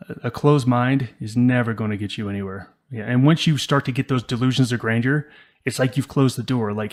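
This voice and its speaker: A man's voice: mid-range voice, steady tone, brisk. Emphatic man in casual podcast chat. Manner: emphatic, acts out quoted inner voices. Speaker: podcast co-host.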